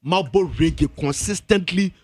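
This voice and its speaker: A man's voice: high voice, moderate pace, darkish tone, no room sound. A man with a Ghanaian accent, a music pundit on a radio entertainment show. He argues emphatically and insistently, repeating himself to hold the floor. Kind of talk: heated entertainment-show debate. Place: radio studio.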